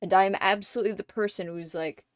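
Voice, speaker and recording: A woman's voice: mid-range voice, fairly even intonation, fast, dry recording, clean studio sound. A woman streaming a game, chatting casually in a candid, profane and emotional way. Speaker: livestream gamer.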